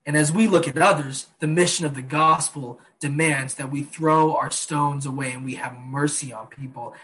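Earnest preacher man, higher voice. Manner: earnest, slows down and drops soft on key phrases. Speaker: pastor. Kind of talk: sermon.

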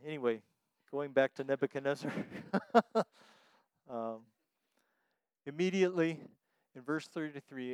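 A man preaching a conversational sermon, often pausing with fillers and easing in a light laugh. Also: mid-range voice, darkish tone, clean tone, dry recording. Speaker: pastor.

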